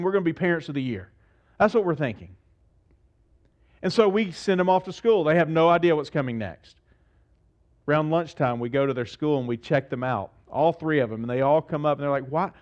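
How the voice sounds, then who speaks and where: A middle-aged man preaching a sermon as pastor, animated and acting out the voices in his stories. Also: on the high side, lo-fi sound.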